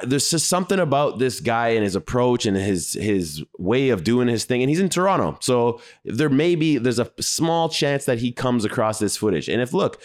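A man giving casual reaction commentary on clips, talking bluntly and conversationally with frequent swearing. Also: mid-range voice.

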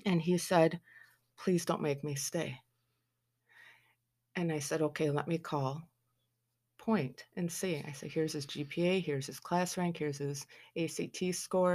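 A woman telling a family story as a mother, in a casual, animated way, acting out quoted lines with sarcastic asides. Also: deep voice.

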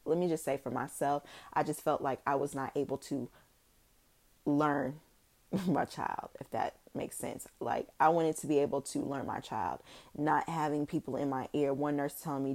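A woman's voice: very deep voice, fairly even intonation, normal speed, a little mellow. A woman vlogging casually to her viewers as a new mother, heartfelt and rambling, with many fillers. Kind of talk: casual personal vlog talk to viewers.

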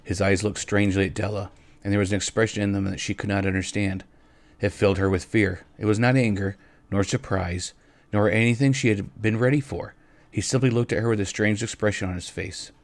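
A man narrating a story aloud in a gentle way, at times speaking directly to his listeners. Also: lowish voice, steady tone, a little fast, no room sound. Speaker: reader.

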